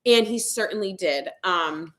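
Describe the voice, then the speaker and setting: A woman's voice: on the low side, a little slow, fairly bright tone. A young woman vlogger casually chatting to her viewers and telling a story, acting out what people said. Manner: chatty storytelling, acts out quotes. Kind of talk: casual livestream chat.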